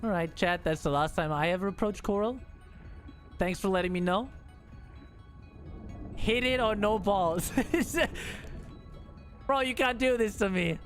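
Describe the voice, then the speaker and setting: Male streamer, high voice, loose casual commentary with bursts of excitement and cursing. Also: takes it slowly, long pauses, faint music behind. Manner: excitable, swearing, laughing chatter.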